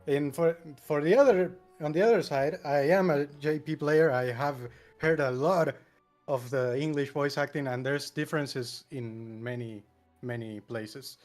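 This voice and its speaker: A man's voice: on the high side, measured pace, a little mellow, faint music behind. A man in a casual group discussion, explaining his view carefully with frequent restarts. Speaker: podcast guest.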